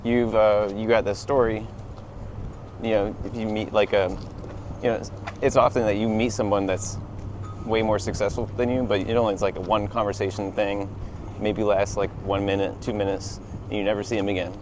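Laid back guy, lowish voice, lots of restarts, walking outside w/ light traffic noise. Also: flat delivery, moderate pace. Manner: easygoing, laughs often, hesitant restarts. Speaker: guest. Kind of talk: casual walk-and-talk chat. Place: outdoors on a street walk.

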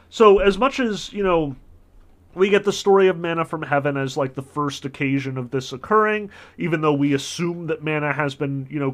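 A man's voice: a little high, a bit bright. A male professor giving an informal lecture, talking casually with lots of "um" and "like" and correcting himself mid-sentence. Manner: casual, frequent "um" and "like" fillers, self-corrects mid-phrase.

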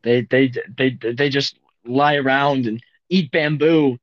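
A young man co-hosting a casual podcast, joking around with goofy, deliberately absurd rants. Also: medium pitch, steady tone, dry recording, highs cut off. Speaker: podcast co-host.

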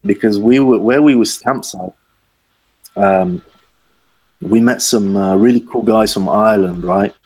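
His low, slightly mellow voice moves a little slowly, with long pauses, and the recording is rough. A podcast guest, he tells a casual anecdote in rambling slang, performing the voices of the people in it.

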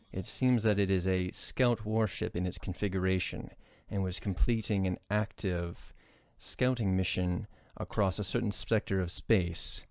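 A man's voice: low voice, a little mellow, no echo, clean studio sound. A man playing a precise, analytical male starship officer giving a formal report.

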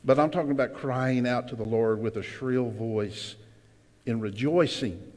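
A man preaching a sermon to his congregation as pastor, emphatic, with sudden loud cries and asides to the room. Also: medium pitch, unhurried. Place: church sanctuary. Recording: long hall reverb.

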